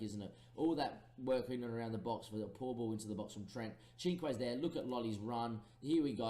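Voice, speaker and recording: A young man commentating live on a football management game, lively play-by-play with excited bursts and pleading. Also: on the low side, reverberant. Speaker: gaming commentator.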